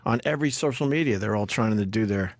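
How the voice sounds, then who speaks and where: A man's voice: on the low side, fast, dry recording. A man hosting a talk show, asking questions with enthusiasm. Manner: enthusiastic interviewer. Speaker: radio host. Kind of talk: casual chat.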